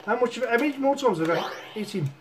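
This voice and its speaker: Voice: mid-range voice, expressive, brisk, a little hiss or hum. A retro gaming host who gives casual, chuckling commentary on his own play and often laughs at himself. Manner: chuckling often, self-mocking. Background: chiptune game music.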